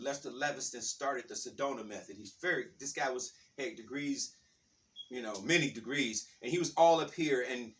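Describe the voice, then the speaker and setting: Man, bright voice, rambling animated storyteller, a little far from the mic. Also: mid-range voice. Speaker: spiritual talk host. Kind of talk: casual storytelling monologue.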